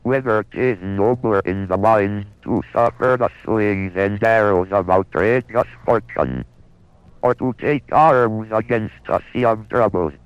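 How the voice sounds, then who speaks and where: An early speech-synthesizing computer with a male-sounding, flat, monotonous electronic voice, played from an old archival demonstration film. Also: deep voice, clean tone, no room sound. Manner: slow, evenly stressed delivery, sometimes sung. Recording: dull lo-fi archival film audio with faint music.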